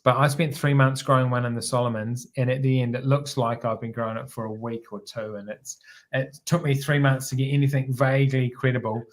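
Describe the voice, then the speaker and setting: A middle-aged man with a New Zealand accent, a former helicopter pilot telling a story as a guest on an interview show, relaxed and rambling, often restarting and repeating words. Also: medium pitch, brisk.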